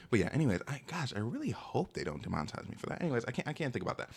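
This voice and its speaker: Rapid-fire and husky, with few pauses, his mid-range voice carries an exasperated storytime about something that happened to him. He's animated and keeps dropping "bro" into nearly every line.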